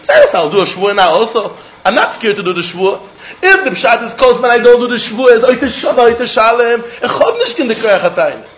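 Very high-voiced man teaching Talmud. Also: fairly quick, lo-fi sound. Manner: animated, often laughing, sing-song study cadence. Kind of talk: Talmud lesson.

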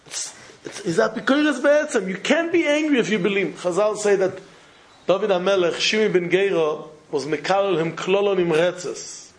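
A man with a high voice speaking at normal speed gives a Torah lecture as a rabbi. He tells a parable, repeats phrases for emphasis, and works in Hebrew and Yiddish terms, all on a low-quality recording.

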